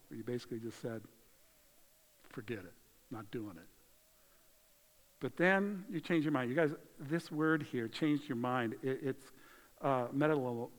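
A man preaching a sermon in a conversational way, swinging between loud emphasis and hushed moments, in a church. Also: medium pitch. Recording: long hall reverb.

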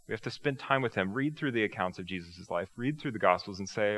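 A male pastor delivers a relaxed, conversational sermon full of rhetorical questions and self-mocking jokes. His low voice still sounds bright and forceful, and he speaks in an animated, fast way with few pauses.

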